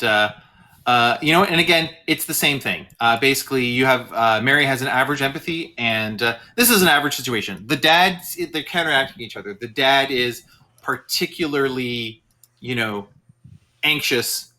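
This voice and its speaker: A man's voice: medium pitch, measured pace, pushed and bright. A man narrating a tabletop game as game master, rambling with many fillers.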